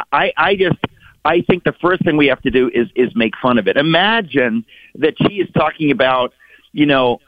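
A middle-aged man calls into a talk show, his voice squeezed into a narrow, tinny phone band with no room sound at all. He talks emphatically and mockingly, his tone sitting a bit high for a man. He runs on in animated bursts. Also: dry recording. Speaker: guest author. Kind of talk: radio talk show commentary.

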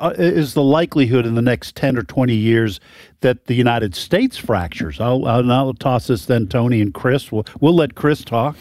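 A man hosting a casual panel discussion, talking in a halting way with frequent restarts. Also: mid-range voice, darkish tone, no echo, studio quality. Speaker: talk show host.

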